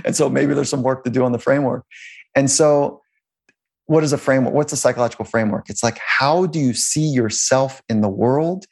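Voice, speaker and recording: A man's voice: mid-range voice, fairly quick, vocal fry, darkish tone. A man, a sports psychologist, telling stories in an interview in a loose, rambling way with frequent restarts and chuckles. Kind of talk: conversational interview storytelling.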